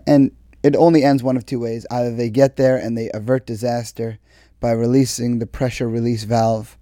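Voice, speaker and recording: A man's voice: medium pitch, mellow, no echo, studio quality. A man speaking earnestly in a conversational motivational monologue, drawing out key words for emphasis. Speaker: speaker sharing advice on exercise and mindset.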